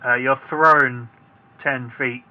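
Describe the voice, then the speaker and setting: A man narrating a tabletop game as dungeon master, relaxed and hesitant, with many filler sounds. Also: medium pitch, takes it slowly, narrow, tinny audio.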